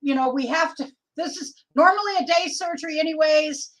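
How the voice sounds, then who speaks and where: High-voiced chatty woman livestreaming. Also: brisk, poor audio. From Oregon. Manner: chatty, reads viewer comments aloud. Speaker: livestream host. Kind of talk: casual livestream chat.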